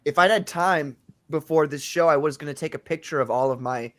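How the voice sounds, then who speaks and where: A man's voice: on the high side, a little fast, a bit bright. A man hosting a casual livestream, chatting loosely with co-hosts and reading out comments from the chat. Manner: loose, profane, reads chat comments aloud. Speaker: podcast host. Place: home streaming setup.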